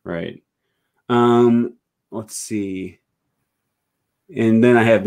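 A man's voice: on the low side, extremely slow, gravelly, long pauses, a little mellow, smooth. A male host of a live stream, rambling with many fillers as he reads viewer comments aloud on a video call.

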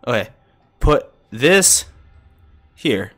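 A man's voice: medium pitch, sing-song, extremely slow, faint music behind. A young man with a runny nose, playing a horror game as a streamer, swearing a lot, jumpy, muttering and talking to himself. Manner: swears a lot, jumpy, shouts and laughs at scares, whispers when hiding. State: runny nose, recovering from illness. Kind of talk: casual let's play commentary.

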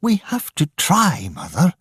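A man's voice: high voice, sing-song, takes it slowly, husky, no room sound, studio quality, pitched above the performer's own voice, full character voice. A man voicing a brave young woman, a lighthouse keeper's daughter, in a raised, urgent voice for a storybook reading. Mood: defiant. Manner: urgent, pleading.

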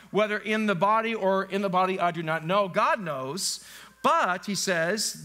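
A man's voice: sits high, pushed and bright. A male pastor preaching a live church sermon in a conversational, joking way, often quizzing the congregation. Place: church sanctuary, live service.

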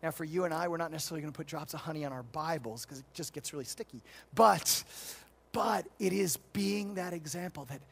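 This middle-aged American pastor tells stories through his sermon in a voice a bit high for a man, brisk with a creaky, breathy edge. He shifts between loud, emphatic points and quiet, gentle moments.

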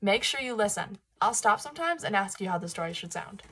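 A woman reading a Bible story aloud to children in a playful, encouraging way, pausing to ask them questions. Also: mid-range voice, animated, noisy background.

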